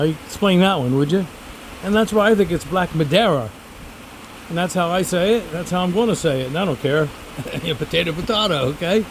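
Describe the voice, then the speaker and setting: A man's voice: high voice, a little hiss or hum, rough recording. Rambling older man touring his fig trees. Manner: chatty, rambling, digressive. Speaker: fig grower and former teacher. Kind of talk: casual garden vlog. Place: outdoors among fig trees.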